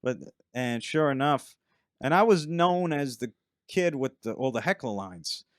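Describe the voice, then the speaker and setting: Middle-aged comedian telling rambling stories. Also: male voice, medium pitch, expressive, measured pace, no room sound, studio quality. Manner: rambling anecdotes, acts out other people's lines. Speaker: stand-up comedian, podcast guest. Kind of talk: casual storytelling chat.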